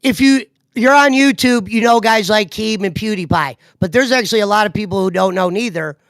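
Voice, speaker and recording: A man co-hosting a casual livestream chat, steady and explanatory. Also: high voice, brisk, no echo. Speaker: co-host.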